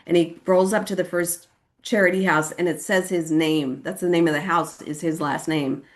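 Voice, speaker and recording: A woman's voice: steady tone, normal speed. A woman from California sharing her personal recovery story at a meeting, chatty and casual, often saying "like" and acting out quoted voices. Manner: casual and chatty, with frequent "like" and "you know what I mean"; acts out quoted voices with sudden high pitch.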